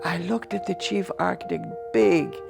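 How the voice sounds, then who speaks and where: A woman's voice: lowish voice, normal speed, gravelly, over loud music. A woman telling her faith testimony as an interview guest, vividly storytelling and acting out the dialogue she recalls.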